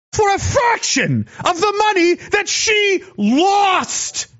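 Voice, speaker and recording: High, animated angry man ranting. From Canada. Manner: heated, profane, sarcastic ranting. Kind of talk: angry political rant to camera. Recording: dull lo-fi audio.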